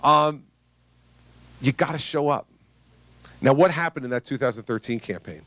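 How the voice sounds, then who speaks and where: A man's voice: medium pitch, moderate pace, fairly bright tone, dry recording. A man, a politician, giving a campaign stump speech to voters in a conversational, emphatic storytelling manner.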